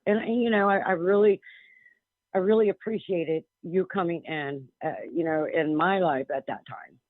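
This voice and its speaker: A woman's voice: on the low side, moderate pace, no room sound. Blunt woman on a tinny phone line. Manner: blunt, emphatic, frequent restarts. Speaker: psychic medium guest. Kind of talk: phone-in radio interview. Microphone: telephone.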